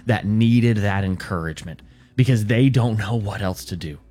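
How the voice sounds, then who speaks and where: A man hosting a radio fundraising appeal, speaking earnestly and haltingly, with frequent restarts. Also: lowish voice, a little mellow. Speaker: radio host.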